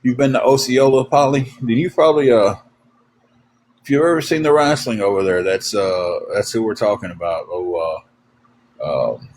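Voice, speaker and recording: With a mid-range, darkish-toned voice at normal speed, this livestream host spins rambling, folksy tales for his chat, leaning on fillers and restarting often. The recording quality is low.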